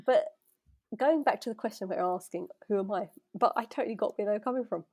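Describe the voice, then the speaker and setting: A woman co-hosting a relaxed podcast with her sister. She has a sarcastic, teasing manner and keeps the conversation light. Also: mid-range voice, fast. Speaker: podcast co-host. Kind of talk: casual chat.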